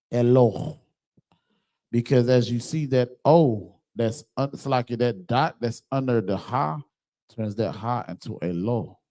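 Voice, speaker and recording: A man, teaching an online class over a computer microphone in an emphatic manner and often checking that his listeners follow. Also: medium pitch. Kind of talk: online scripture class with screen sharing.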